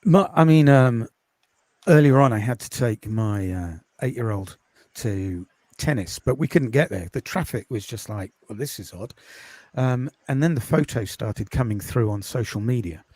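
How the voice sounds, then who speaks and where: A man from the UK, a podcast host and course creator, chatting in a quiet, calming voice with many ums in a casual interview over a video call. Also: mid-range voice, normal speed, no echo. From United Kingdom.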